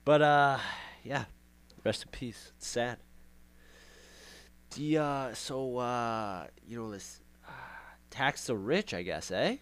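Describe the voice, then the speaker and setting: A man's voice: medium pitch, slow pace, a bit bright, clean tone. A young man hosting a casual podcast monologue, rambling and sarcastic, repeating himself for effect. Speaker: podcast host.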